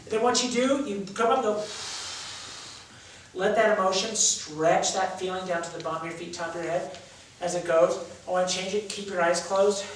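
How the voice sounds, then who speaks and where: Here a man with a high, somewhat bright voice runs a drama class, energetically coaching students through an exercise and using lots of fillers. He's in a school drama room with hardwood flooring, far from the mic in a very echoey space, with slight background noise.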